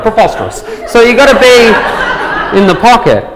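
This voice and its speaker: An Australian man giving a stage talk with a stand-up bit, telling stories in a lively, joking way. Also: a little high, moderate pace, a crowd in the background, background noise. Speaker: speaker presenting a talk. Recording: long reverb from a large hall.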